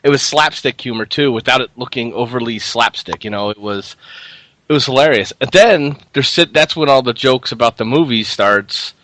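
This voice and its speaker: A man's voice: mid-range voice, normal speed, a bit bright, no room sound. A man co-hosting a casual film review chat, retelling scenes and laughing often.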